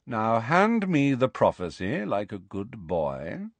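Man playing a sneering noble villain, drawling, slow, condescending, dry storybook reading. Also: fairly low pitch, huge pitch swings, dry recording, full character voice. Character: cold, drawling aristocratic male villain.

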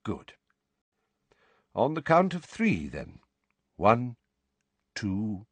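A man voicing a calm, commanding elderly wizard headmaster who speaks in a measured, grave way. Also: on the low side, no echo, full character voice. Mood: urgent.

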